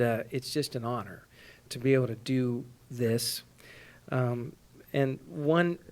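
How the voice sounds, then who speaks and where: A middle-aged man, a Christian singer, speaking earnestly to his concert audience between songs, with frequent ums and restarts. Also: medium pitch. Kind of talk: heartfelt stage talk between songs. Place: live concert stage.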